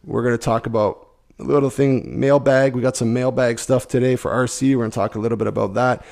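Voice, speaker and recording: A middle-aged man with a rough, gravelly voice, hoarse from a cold. He hosts a podcast at a studio mic and rambles in a loose, stream-of-consciousness way. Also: medium pitch, steady tone, quick pace, a little mellow. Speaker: podcast host. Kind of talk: casual solo podcast chat.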